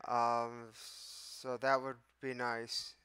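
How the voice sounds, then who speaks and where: A man's voice: medium pitch, completely flat delivery, drawn-out words, pushed and bright, smooth. A man hosting a live stream, exasperated and swearing as he answers his chat. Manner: exasperated, profane, talks to chat. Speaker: livestream host. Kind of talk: casual live-stream talk.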